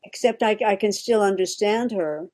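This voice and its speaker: A woman's voice: mid-range voice, normal speed, darkish tone. Woman, thoughtful and searching. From Quebec. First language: French. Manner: reflective, searching for words, frequent restarts. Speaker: guest. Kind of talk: casual conversation.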